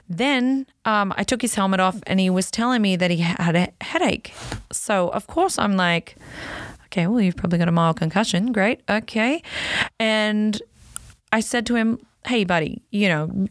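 A woman in her thirties, a racer's wife and mother, telling a personal story in casual chat, with lots of fillers and her voice leaping up when excited. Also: normal speed, no echo, clean studio sound. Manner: chatty, many fillers, pitch jumps up when excited.

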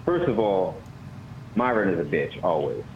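A man phoning in to a talk show, his voice sitting low as he tells stories in a blunt, profane way. The line sounds dull and lo-fi, with a faint hiss of noise under it. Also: sing-song, normal speed. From Baltimore, USA. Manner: profane, heated storytelling. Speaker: caller. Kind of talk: casual call-in chat.

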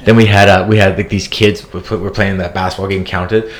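A man's voice: low voice, flat delivery, brisk. A man in his thirties telling a long, rambling, profane story as a podcast co-host. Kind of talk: casual storytelling chat.

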